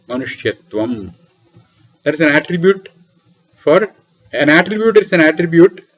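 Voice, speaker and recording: A man giving a lecture on scripture in a small room beside a temple library. He asks questions and answers them himself, and repeats key terms for emphasis. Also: a little high. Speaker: lecturer on Vedic philosophy. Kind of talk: classroom lecture explaining scripture. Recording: dull, lo-fi lecture recording.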